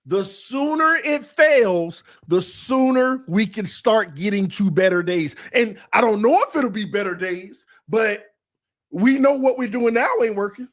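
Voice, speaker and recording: A man with a high-pitched voice hosts a sports fan livestream in casual commentary. He talks in an emotional, confessional way and keeps circling back to repeat his point. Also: moderate pace. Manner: casual, repeats himself for emphasis. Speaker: sports fan show host.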